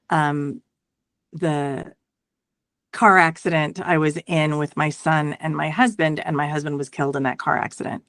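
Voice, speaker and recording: Low-voiced woman, reflective and halting. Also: a bit bright, dry recording, clean studio sound. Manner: reflective, halting, many restarts and "right?" tags. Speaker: guest. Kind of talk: conversational interview.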